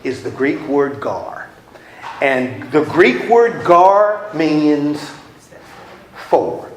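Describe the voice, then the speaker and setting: In an echoey room with a class, a man leads a casual Bible study lecture in a chatty, playful manner, acting out small scenes for his listeners. His voice is a little high and expressive, with drawn-out words.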